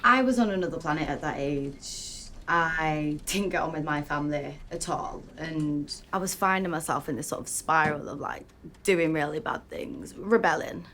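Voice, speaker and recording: An actress playing a candid young British woman who was raised in a strict family, speaking haltingly with many fillers in a verbatim theatre monologue. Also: low voice, fairly bright tone, slight background noise. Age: young adult. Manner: candid, hesitant, full of fillers. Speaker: interviewee recalling her past.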